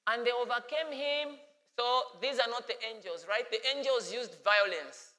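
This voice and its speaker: A man preaching a sermon as pastor, animated and playful. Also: very high voice, moderate pace, long reverb tail.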